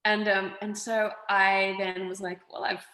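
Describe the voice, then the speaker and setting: An actress from Australia telling stories in a casual interview, animated and expressive. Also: female voice, mid-range voice, measured pace, echoey room, rough recording. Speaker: actress, guest.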